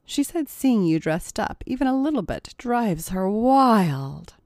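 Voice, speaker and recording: A woman's voice: medium pitch, very animated, measured pace, darkish tone, no echo, studio quality, voice pushed up. A woman voicing a bossy young woman who mocks and teases in a smirking tone. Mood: teasing. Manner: smirking, mocking.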